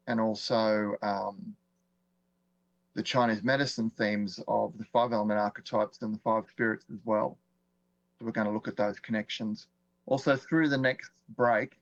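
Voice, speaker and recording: An Australian man teaching a live online class in a chatty, relaxed way, quizzing viewers and chuckling often. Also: medium pitch, no room sound. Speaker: online course instructor. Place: indoors at a desk with screens. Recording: dull, dry lo-fi stream audio.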